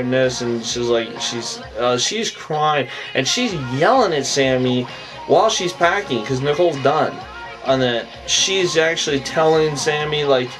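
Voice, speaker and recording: A man's voice: medium pitch, a little slow. Man, casual recap, rambling, filler-heavy, distant mic, faint background music. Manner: rambling, many fillers, repeats the phrase "on that". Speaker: show recap host.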